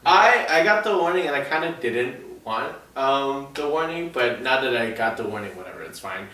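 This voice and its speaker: A man's voice: mid-range voice, animated, moderate pace, sharp tone. Rambling man in an echoey room. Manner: rambling, many restarts and fillers. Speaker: podcast co-host. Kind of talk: casual movie review chat. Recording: echoey room, distant mic, faint noise.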